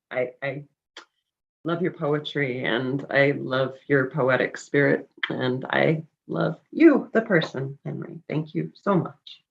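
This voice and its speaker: A woman's voice: low voice, vocal fry, muffled recording. A woman hosting an online open mic, gushing with praise between readers over a video call. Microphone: home computer mic on a video call.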